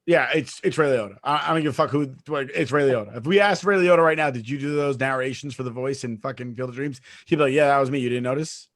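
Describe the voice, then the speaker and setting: A man co-hosting a podcast in casual chat, emphatic and quick to argue, swearing freely. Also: mid-range voice, fairly bright tone. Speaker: podcast co-host.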